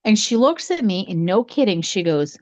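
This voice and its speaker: A woman's voice: normal speed, dry recording. A middle-aged woman, a psychic podcast co-host, telling a true ghost story in casual chat and acting out the quoted voices. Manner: animated, acts out quotes with big pitch jumps.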